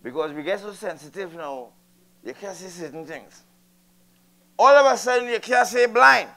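Casting: high-voiced older Trinidadian man, stand-up comic, chats and ribs the crowd. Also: lively intonation, moderate pace, creaky, bright, forceful tone. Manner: chatty, teasing the audience. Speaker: stand-up comedian. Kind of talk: stand-up comedy routine. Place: live comedy venue.

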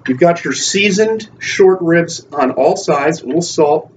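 A man's voice: fairly high pitch, animated, unhurried. A man hosting a casual cooking demonstration in a home kitchen, chatty and explaining each step. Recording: lo-fi with running water noise.

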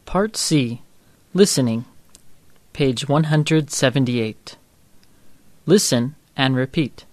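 A man's voice: medium pitch, a little mellow, no room sound. A man reading out textbook exercise titles and instructions in a formal manner. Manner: slow, formal announcing. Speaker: textbook audio narrator.

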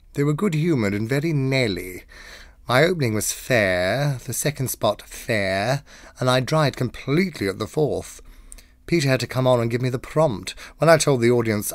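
A man's voice: fairly low pitch, dry recording, clean studio sound. A man reading diary entries aloud in an arch, mannered, theatrical way. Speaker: diary reader.

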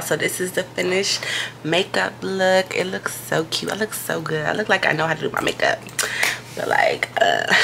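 Husky-toned chatty pregnant woman vlogger. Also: low voice, fairly bright tone. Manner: chatty, self-hyping, casual swearing. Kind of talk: casual vlog chat to camera. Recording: noisy background.

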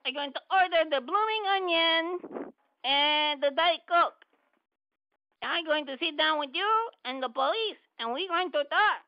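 Woman doing a broken-English prank caller, very high voice, smug taunting, dull phone line. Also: measured pace, no room sound.

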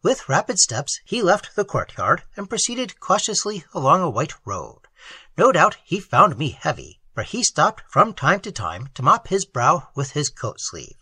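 A man reads a story aloud with animated expression, his pitch rising and falling widely. His voice is husky. The recording is dry and close. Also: measured pace, dry recording. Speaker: audiobook narrator. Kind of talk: scripted narration of a story.

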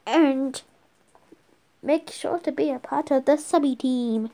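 Young female vlogger, high-pitched and slow-paced, silly and giggly. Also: warm tone, slight background noise. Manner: playful, giggly, keeps restarting. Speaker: channel host. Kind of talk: giggly casual vlog chat.

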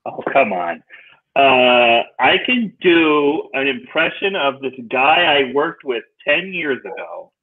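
A man chatting as a guest comedian on a video call, deadpan and wisecracking. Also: medium pitch, takes it slowly. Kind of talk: casual chat over video call. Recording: tinny phone-like line.

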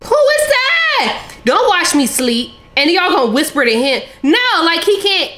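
A woman's voice: high voice, normal speed. A young woman reacting to a film, talking to the characters and shrieking. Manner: animated, talks to screen, shrieks. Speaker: YouTuber.

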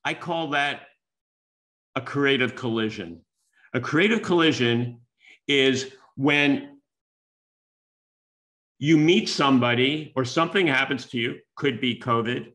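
A man's voice: mid-range voice, takes it slowly, pauses often, bright, forceful tone. A man in his seventies from the United States, giving a storytelling keynote talk and acting out quoted dialogue. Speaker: keynote speaker and business school teacher.

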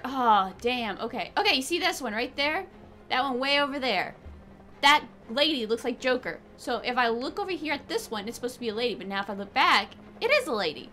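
A woman host giving casual, excitable let's play commentary, chatty and swearing freely. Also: a little high. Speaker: gaming video host.

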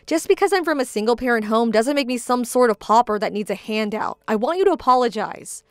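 Woman doing a fed-up fiancée, cool and measured, bit higher voice, dry close mic. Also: animated, smooth, dry recording, lightly acted. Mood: indignant. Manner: measured, indignant, cold. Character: young bride-to-be, hurt and firm. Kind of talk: dramatized story voice acting.

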